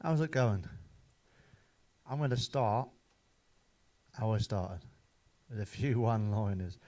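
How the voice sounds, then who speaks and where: Taking it slowly, a middle-aged comedian with a warm, lowish voice and lively intonation tells dad jokes and one-liners. He swears freely and chuckles at his own punchlines.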